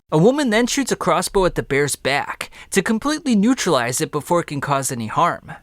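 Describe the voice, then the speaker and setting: Man, manga recap narration, animated intonation, joking asides, dry close sound. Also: on the high side, no room sound. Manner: lively storytelling with joking asides. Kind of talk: casual scripted recap narration.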